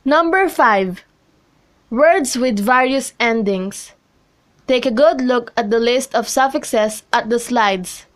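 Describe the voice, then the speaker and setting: A young woman reading a scripted classroom lesson, slowly and carefully, with pauses between listed example words. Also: a little high. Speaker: student presenter.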